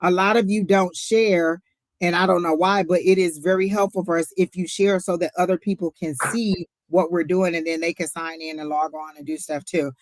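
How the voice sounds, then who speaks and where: A woman's voice: fairly low pitch, steady tone, moderate pace, dry recording. A woman co-hosting a live tarot stream, chatting casually and talking straight to viewers. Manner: chatty, storytelling, talks to viewers directly. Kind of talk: casual chat.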